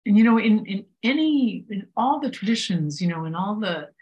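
A woman giving a reflective spiritual talk, unhurried and full of pauses and fillers. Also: medium pitch, animated, mellow, highs cut off. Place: Paris.

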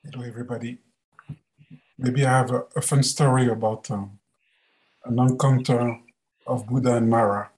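A man telling a story to a group in a hesitant, unhurried way. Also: medium pitch, steady tone, a little mellow. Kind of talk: casual storytelling.

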